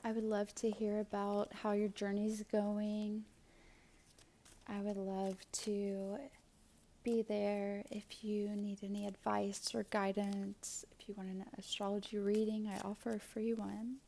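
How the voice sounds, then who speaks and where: A woman giving a spiritual tarot reading and prayer in a soft, often half-whispered voice, her mouth a little swollen after dental work. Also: mid-range voice, monotone, measured pace, gravelly, slight background noise. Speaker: tarot reader and astrologer.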